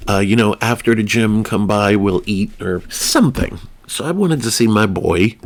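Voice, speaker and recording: A young man telling a casual storytime anecdote in a rambling, animated way, with side remarks and comic exaggeration. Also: lowish voice, moderate pace.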